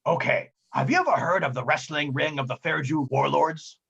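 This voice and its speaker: A man's voice: fairly high pitch, moderate pace, creaky, a bit bright, slightly rough, dull audio, full character voice. A man voicing Anvil Fist, hulking pragmatic brute. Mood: wry bargaining. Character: huge hulking male brute, dim but pragmatic.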